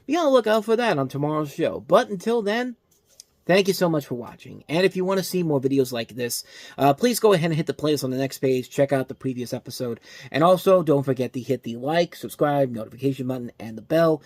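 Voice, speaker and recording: A man's voice: fairly high pitch, brisk, no room sound, studio quality. Exasperated male film reviewer ranting. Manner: animated ranting, exasperated, self-interrupting. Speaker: film review show host. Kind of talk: casual movie review monologue.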